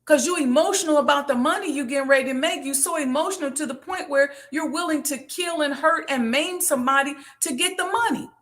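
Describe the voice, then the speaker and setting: Woman host, high voice, passionate, preachy, repeats lines for emphasis. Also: brisk, few pauses, fairly bright tone. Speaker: business show host answering questions. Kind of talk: impassioned monologue.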